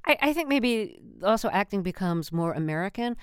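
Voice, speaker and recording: A woman hosting a conversation about film, asking thoughtful, measured questions. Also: mid-range voice, animated, clear, resonant tone, dry recording, studio quality. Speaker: podcast host.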